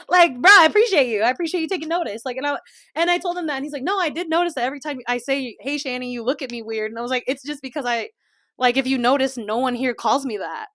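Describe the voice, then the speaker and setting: A woman's voice: high voice, fast talker, dry recording. Chatty woman podcaster, dry close sound. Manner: chatty, laughs often, drops to quiet asides. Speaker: podcast host. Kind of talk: casual chat. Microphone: small desk mic.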